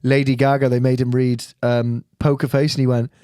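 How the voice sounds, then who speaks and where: A man's voice: mid-range voice, little pitch movement, dark tone, clean tone, no room sound, studio quality. A Welsh man chatting playfully as a comedian guest on a podcast. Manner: playful, quick, laughing. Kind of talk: podcast chat.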